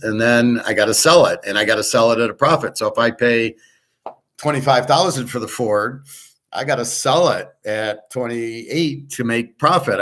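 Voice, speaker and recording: A man's voice: mid-range voice, a bit bright. A man hosting his show, giving blunt, profane, opinionated commentary in a rambling casual way. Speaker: host.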